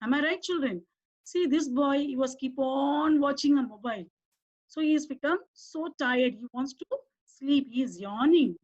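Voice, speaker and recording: Woman teacher, Indian English accent, high voice, coaxing questions to kids, dull lo-fi sound. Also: moderate pace, a little mellow. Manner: coaxing, asks children questions and repeats words. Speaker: primary school English teacher. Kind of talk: online class lesson for children. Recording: dull lo-fi recording.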